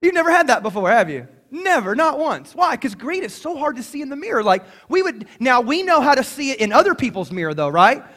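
A man preaching a sermon to a congregation, lively and conversational, acting out little voices as he tells the story. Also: very high-pitched, brisk, few pauses. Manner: animated, acts out voices in quotes. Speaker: pastor.

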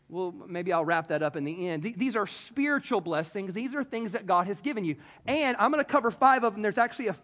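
High-voiced animated male preacher. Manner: animated, conversational preaching with repeated restarts. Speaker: pastor. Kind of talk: sermon. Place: church in front of a congregation.

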